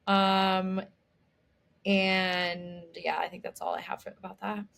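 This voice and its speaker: A woman's voice: medium pitch, flat delivery, vocal fry, fairly bright tone. A young woman co-hosting a podcast, chatting loosely about a TV show and filling her talk with "like". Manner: chatty, full of "like" and quick restarts. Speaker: podcast co-host. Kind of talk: casual chat recapping a TV show.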